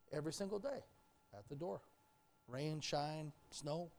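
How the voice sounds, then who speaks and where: Candid, joking preacher with a higher-pitched voice. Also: male voice, unhurried, darkish tone. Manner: candid, joking, addresses the congregation directly. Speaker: pastor. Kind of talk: sermon. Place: church sanctuary.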